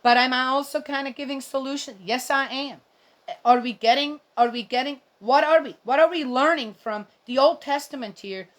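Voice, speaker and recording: Middle-aged woman, somewhat high voice, indignant, rambling, casual scripture commentary. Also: moderate pace. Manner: indignant, rambling, talks to viewers directly. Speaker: bible reading vlogger.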